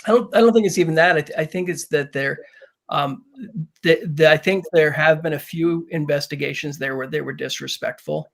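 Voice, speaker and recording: A man's voice: on the high side, creaky. A man on a live ghost-hunt panel explaining the findings, often restarting his sentences. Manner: halting, many restarts and fillers, explanatory. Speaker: paranormal investigator on a panel.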